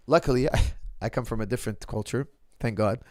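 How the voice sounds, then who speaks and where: A man's voice: mid-range voice, expressive, moderate pace, darkish tone, dry recording, studio quality. A middle-aged man, a martial arts coach, talking casually and bluntly to his viewers, calling them "guys" and often restarting his sentences.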